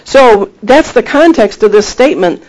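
A man preaching a sermon, retelling scripture with emphatic, animated delivery and acted-out quotes. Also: high-pitched, moderate pace, poor audio. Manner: animated storytelling, acting out quoted voices; emphatic, rising to exhortation.

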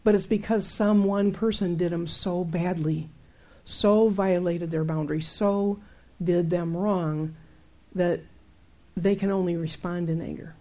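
A middle-aged woman teaching about faith in a chatty, animated way, laughing often and acting out her own outbursts. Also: fairly low pitch, unhurried. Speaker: Christian teacher. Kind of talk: conversational Bible teaching.

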